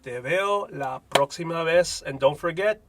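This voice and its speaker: A man's voice: a little high, unhurried, a bit bright. A man, a native Spanish speaker, hosting a comedic language lesson with wry, jokey asides. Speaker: host.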